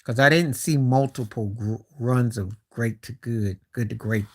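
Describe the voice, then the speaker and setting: Here the host has a medium-pitched, somewhat dark voice and speaks a little slowly. It's laid-back basketball chatter on a live stream, full of trailing thoughts, fresh starts, and incredulous comments.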